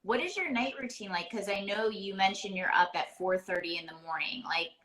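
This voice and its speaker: A woman's voice: mid-range voice, a little fast, fairly bright tone, rough recording. A woman hosting a podcast interview, reflecting on her guest's words and affirming them. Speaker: podcast host and performance coach. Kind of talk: casual interview conversation.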